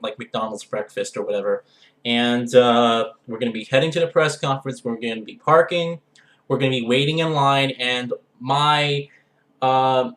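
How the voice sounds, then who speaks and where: A young man talks through his plans in a loose, rambling vlog style and keeps tacking "all right?" onto his points. His pitch sits in the middle for a man. The room around him is bare and echoey. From Los Angeles area. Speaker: gaming vlogger. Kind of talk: casual vlog talk.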